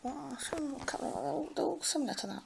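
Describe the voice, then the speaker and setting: A woman talking to camera in a rambling personal monologue, repeating herself and trailing off into soft mumbles. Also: high-pitched, animated, normal speed, gravelly, very noisy. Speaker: vlogger.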